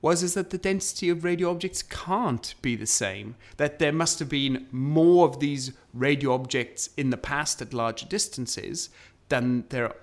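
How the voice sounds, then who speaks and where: A man's voice: a little high, animated, a little slow. A man casually recounting the history of astronomy, with frequent ums and restarts. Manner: storytelling, hesitant with ums and restarts. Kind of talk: conversational science storytelling.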